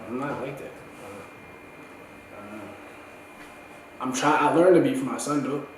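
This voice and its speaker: A man's voice: medium pitch, a little slow, a little hiss or hum. Young man rambling in an echoey room. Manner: profane, slangy, rambling. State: voice going hoarse. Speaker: vlogger. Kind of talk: candid casual monologue. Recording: echoey room, far from the mic.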